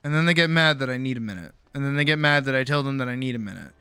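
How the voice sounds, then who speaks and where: A man's voice: medium pitch, rapid-fire, bright, forceful tone, smooth, no room sound. A young adult man streamer telling a personal story in casual chat, acting out both sides of the conversation and often restarting his words. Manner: frequent restarts and repeated words.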